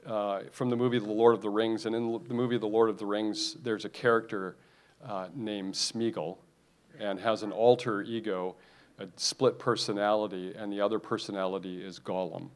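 A man's voice: fairly low pitch, steady tone, moderate pace. A man preaching a sermon, emphatic and repetitive, often restarting his phrases.

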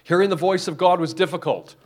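A man's voice: high-pitched, quick pace. A man preaching a sermon, emphatic and repetitive, often restarting his phrases.

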